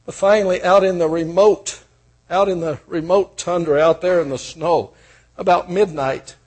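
An older man with a husky voice preaching a sermon, moving from quiet storytelling to loud, fervent proclaiming. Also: high voice, fairly even intonation, moderate pace. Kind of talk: sermon with personal stories.

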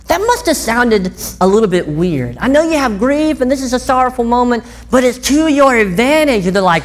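Woman preacher, conversational sermon, very expressive pitch, chatty questions to the congregation. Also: moderate pace, few pauses. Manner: animated, chatty, asks listeners questions.

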